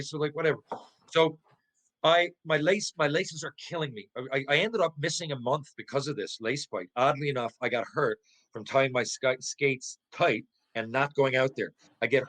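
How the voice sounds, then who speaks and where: A middle-aged man, a former pro hockey player, telling a casual anecdote as a podcast guest, swearing freely and tripping over restarts. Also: rough recording. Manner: lively, profane, stumbling restarts, jumps into high voices for quotes.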